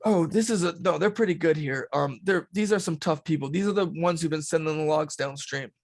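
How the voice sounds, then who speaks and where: A man's voice: fairly high pitch, brisk, dry recording, clean studio sound. A man voicing a nervous young male guide who stammers and hesitates. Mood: hesitant. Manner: hesitant, stammering, repeating words.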